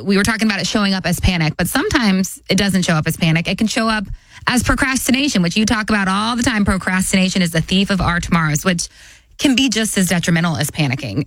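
A woman's voice: mid-range voice, fairly bright tone, dry recording. A woman in her thirties co-hosting a financial radio show, upbeat and bubbly.

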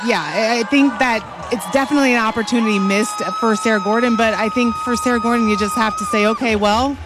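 A woman's voice: a little high, fairly even intonation, fast talker, over music, a crowd in the background. A woman co-hosting halftime radio analysis from a stadium booth, conversational and thinking aloud. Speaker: radio co-host.

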